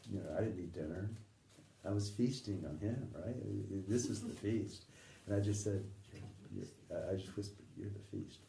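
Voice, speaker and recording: A middle-aged man recounting memories in a halting, conversational way, often acting out the voices he quotes and sometimes dropping to a near whisper. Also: fairly low pitch, mellow, a little hiss or hum. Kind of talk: conversational anecdote telling. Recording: distant roomy recording with faint ambience.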